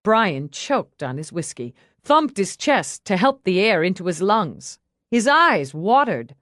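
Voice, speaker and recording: A woman reads an audiobook with expressive, animated delivery, her pitch sitting in a middle range. The recording is close and dry. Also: unhurried, dry recording. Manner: expressive, acting out characters. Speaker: audiobook narrator. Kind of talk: scripted narration.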